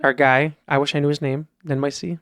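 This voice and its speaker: A man's voice: fairly high pitch, little pitch movement, fairly quick, a bit bright, dry recording, studio quality. Rambling Wisconsin man telling stories. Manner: rambling storyteller, quotes people back and forth. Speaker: podcast co-host. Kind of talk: casual chat.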